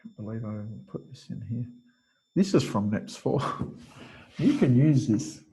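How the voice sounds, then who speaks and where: A man's voice: medium pitch, big pitch swings, a little slow, vocal fry, mellow, breathy edge. A middle-aged man giving an informal webinar lecture, rambling and digressive, with many restarts and chuckles. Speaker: webinar presenter.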